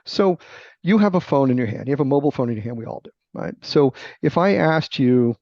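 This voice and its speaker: A middle-aged man with a gravelly voice, a guest author explaining sales ideas in a teacherly, emphatic interview manner. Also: medium pitch, lively intonation, a little fast, darkish tone, no room sound. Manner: emphatic, teacherly, checks in with "right?". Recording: dull lo-fi dry remote audio.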